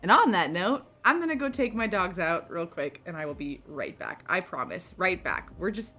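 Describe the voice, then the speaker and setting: A woman streams a game play-through, reading the on-screen text aloud and breaking off into chatty, animated asides. Her voice sits a little low. Faint game music runs underneath. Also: moderate pace.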